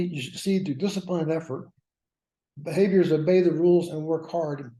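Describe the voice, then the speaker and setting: A man's voice: fairly high pitch, dark tone. A man teaching a workshop class, lecturing with wry, self-mocking asides. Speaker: workshop instructor. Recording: roomy echo.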